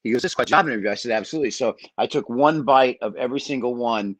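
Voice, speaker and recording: A man's voice: medium pitch, racing, no echo. A middle-aged man from Michigan, a podcast guest telling long stories, acting out what people said and swearing freely. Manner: animated storyteller, acts out quotes, swears freely. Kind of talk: storytelling on a sports podcast.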